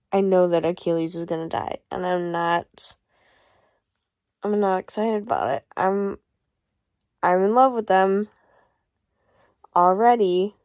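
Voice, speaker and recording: A woman's voice: medium pitch, darkish tone, no echo. Rambling young woman book vlogger. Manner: rambling and gushing, with many fillers and restarts. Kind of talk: casual video diary.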